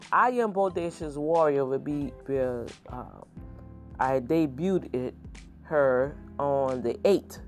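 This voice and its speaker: A middle-aged podcast host giving a casual, exuberant and folksy monologue full of repeated catchphrases. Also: mid-range voice.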